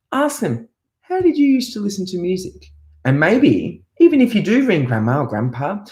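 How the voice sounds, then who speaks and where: A man teaching a music class to young children, singing a farm song and breaking into animal noises in an upbeat way. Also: high-pitched. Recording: roomy echo.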